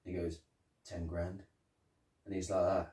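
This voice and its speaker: A man's voice: low-pitched, level tone, unhurried, warm tone. A man co-hosting a podcast, chatting casually about a TV episode and acting out lines from scenes. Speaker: podcast co-host. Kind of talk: casual chat reviewing a TV episode. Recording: roomy, distant mic.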